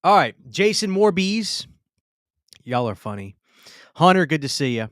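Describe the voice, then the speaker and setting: A man's voice: a little high, very animated, a little slow, a bit bright, dry recording, studio quality. A man, hosting a casual live stream. He greets viewers by name and often restarts his sentences.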